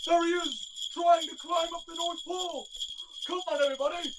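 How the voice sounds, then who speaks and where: A young woman playing an elderly Santa driving his sleigh in a school play, calling out loudly and excitedly. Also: very high voice, moderate pace. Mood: urgent. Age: young adult. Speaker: student actor. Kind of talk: stage play acting. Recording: distant, noisy stage recording.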